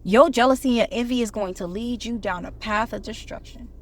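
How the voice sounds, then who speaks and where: A woman's voice: fairly high pitch, brisk. A woman giving a casual motivational talk, preachy and conversational, quoting scripture and addressing her viewers directly. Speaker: online commentator.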